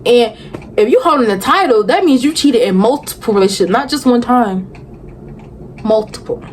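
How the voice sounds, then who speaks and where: A woman's voice: a little high, lively intonation, moderate pace, slight background noise, poor audio. A young woman vlogger, animatedly recapping a reality show in sassy casual chat and talking back with rhetorical questions.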